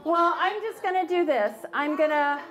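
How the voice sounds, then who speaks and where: High, lively woman storyteller. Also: moderate pace. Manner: playful, mock-puzzled coaxing with stammered restarts. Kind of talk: children's storytime. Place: public library.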